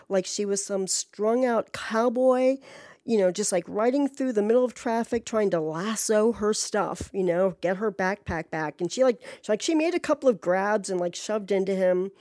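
A woman's voice: mid-range voice, dark tone, dry recording. A woman telling a rambling story in a chatty, profane way, full of asides and fillers. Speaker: podcast storyteller. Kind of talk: casual storytelling monologue.

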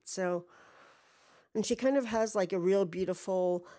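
A woman's voice: medium pitch, measured pace, warm tone. A woman hosting a podcast, talking through a rambling, candid, self-deprecating personal monologue with a jaded-sounding voice and some swearing. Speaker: podcast host.

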